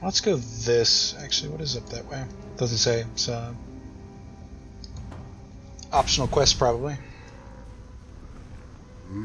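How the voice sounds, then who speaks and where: A man's voice: medium pitch, a little slow, long pauses, music in the background. An American man thinking aloud and rambling through casual let's-play commentary, with self-deprecating asides. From United States. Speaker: gaming YouTuber.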